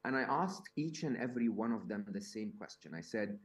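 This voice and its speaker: A man's voice: fairly low pitch, expressive, a little fast, hardly any pauses. A man speaking to a live audience at a summit, conversational, with lots of fillers, restarts and rhetorical questions. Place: event hall.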